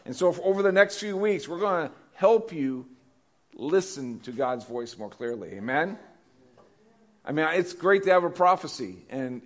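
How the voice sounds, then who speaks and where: Guy preaching a sermon, kinda high voice, keeps asking the crowd questions. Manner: conversational preaching with repeated questions to the congregation. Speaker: pastor.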